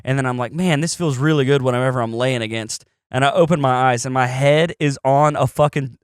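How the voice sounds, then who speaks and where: A man's voice: mid-range voice, brisk, smooth, no room sound, studio quality. A young man hosting a podcast, telling a story in casual, profane chat and acting out the quotes in other voices. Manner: animated, profane, acts out quotes in shifting voices. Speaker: podcast host.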